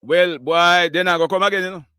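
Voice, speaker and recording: A man's voice: high-pitched, fairly even intonation, a little fast, sharp tone, clear, resonant tone, dry recording, clean studio sound. A Jamaican man hosting a live call-in news show, chatting in a mix of patois and English and laughing often. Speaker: live news show host taking callers. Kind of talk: casual call-in chat.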